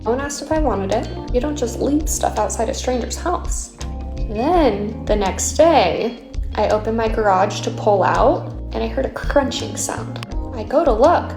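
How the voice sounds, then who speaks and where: Woman, fairly high voice, incredulous storytime, echoey room, phone mic. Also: a little slow, over music. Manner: incredulous, animated retelling. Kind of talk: casual storytime vlog.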